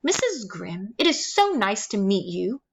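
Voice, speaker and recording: A woman's voice: medium pitch, very animated, a little slow, vocal fry, husky, heavily acted. A woman voicing a mean, cold old female caseworker who talks in a stern, clipped way. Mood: falsely sweet. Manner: stern and clipped, turning to a hiss.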